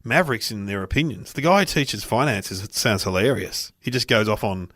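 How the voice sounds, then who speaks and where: A man's voice: fairly low pitch, a little fast, no echo. A middle-aged man with an Australian accent, co-hosting a casual podcast chat and acting out voices in his stories. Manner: animated, acts out voices in anecdotes. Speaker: podcast co-host.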